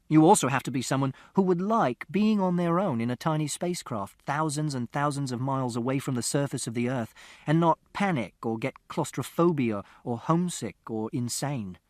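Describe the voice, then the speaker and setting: A man's voice: a little high, dry recording, clean studio sound. Man reading a literal first-person audiobook. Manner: literal, precise, matter-of-fact telling. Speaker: audiobook narrator.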